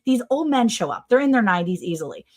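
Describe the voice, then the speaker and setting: Middle-aged woman, livestream host, casual chatty storytelling, lively, acts out voices. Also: fairly high pitch, fast. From Maryland, USA. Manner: animated storyteller, acts out other people's voices.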